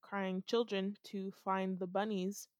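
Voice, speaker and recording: A woman's voice: medium pitch, takes it slowly, smooth, dry recording, studio quality. A young woman casually recounting a dream to a friend, often laughing as she tells it. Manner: laughs often, animated storytelling. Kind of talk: casual chat telling a dream.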